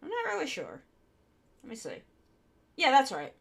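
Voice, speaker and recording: A woman's voice: high voice, huge pitch swings, normal speed, vocal fry. A woman streamer chatting casually and thinking aloud as she builds a model kit live. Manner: chatty, thinking aloud while working with her hands.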